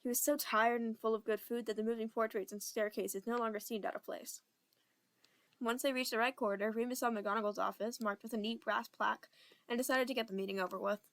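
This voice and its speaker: A young woman reads a fan audiobook aloud in a steady, plain storytelling voice. Her amateur narration keeps an even, simple delivery. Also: on the high side, brisk. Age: young adult.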